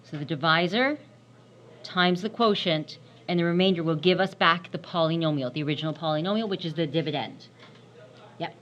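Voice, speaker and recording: A woman's voice: low-pitched, brisk, fairly bright tone, muffled recording. A woman teaching a math lesson, repeating and stressing key terms and often checking in with "right?". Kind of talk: recorded classroom math lesson.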